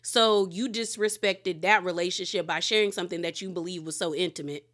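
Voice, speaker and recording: A woman's voice: on the low side, fairly quick. Frank, chatty woman recapping reality TV. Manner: frank, chatty, blunt opinions; animated, talks back to the cast. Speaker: reality TV reviewer. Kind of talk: casual recap commentary.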